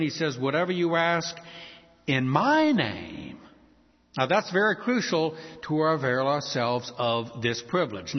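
Male preacher, sermon, emphatic, drawn-out key words, muffled recording. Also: on the high side. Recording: dull sound with long hall reverb.

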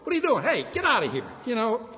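A preacher acting out a flustered blind beggar. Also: male voice, very high voice, wildly swooping pitch, quick pace, voice pushed up, heavily acted. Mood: bewildered. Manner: exclaiming, flustered questions. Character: bewildered blind beggar man, newly healed. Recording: dull recording with long hall reverb.

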